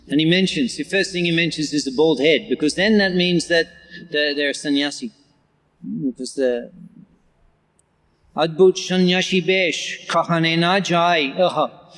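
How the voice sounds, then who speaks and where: A man giving a scripture class. He reads Bengali verse lines slowly, repeats them, and explains each one in English in an animated way. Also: on the high side. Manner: animated, with occasional laughter. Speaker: scripture lecturer. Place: large temple hall. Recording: long hall reverb.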